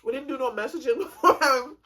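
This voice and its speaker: A woman in her twenties telling a comedic storytime, animated and swearing freely, laughing often. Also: sits high, quick pace, rough recording. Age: 20s. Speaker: vlogger.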